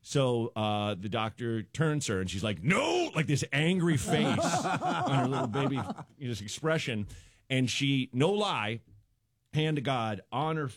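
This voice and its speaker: A man's voice: mid-range voice, lively intonation, measured pace, dry recording, clean studio sound. A middle-aged man, a guest comedian, telling funny stories in casual chat, acting out quotes and laughing often. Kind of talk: comic storytelling in casual chat.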